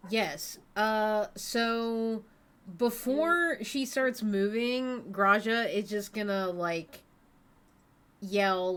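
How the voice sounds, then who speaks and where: A woman player in a tabletop game, working out her move on a video call. She speaks slowly and unhurriedly, thinking aloud as she goes. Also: medium pitch, fairly bright tone, smooth. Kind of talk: casual tabletop play.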